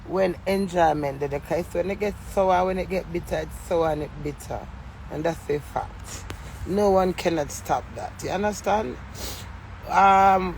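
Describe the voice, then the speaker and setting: A woman's voice: on the low side, creaky, darkish tone, a little hiss or hum. A middle-aged woman with a Jamaican accent, talking to camera in a rambling, emotional monologue full of swearing and defiance. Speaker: vlogger.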